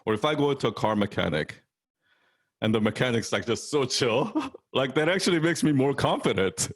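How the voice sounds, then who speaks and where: A man in casual conversation, animated and quick to laugh. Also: mid-range voice, no room sound, clean studio sound. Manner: laughs often, lively and animated. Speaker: guest. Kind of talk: casual chat.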